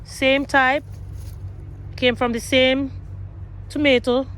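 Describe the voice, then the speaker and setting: A woman's voice: high-pitched, level tone, slow pace, fairly bright tone. A woman gardening vlogger talking viewers through her garden outdoors, chatty and repeating herself. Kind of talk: casual garden tour vlog.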